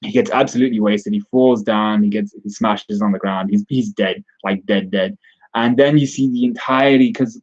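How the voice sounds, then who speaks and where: A man's voice: on the low side, darkish tone, breathy edge, dull audio. A man giving a casual spoken recap and review of a comic chapter, rambling with frequent restarts and self-corrections.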